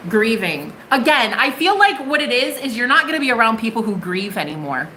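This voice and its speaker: A young woman from the United States reads tarot for her live-stream viewers in a loose, bubbly, foul-mouthed way. Her voice is bright and forceful and sits a little high. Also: sing-song, a little fast, slight background noise, low-quality recording. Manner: bubbly, profane and chatty. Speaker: tarot reader.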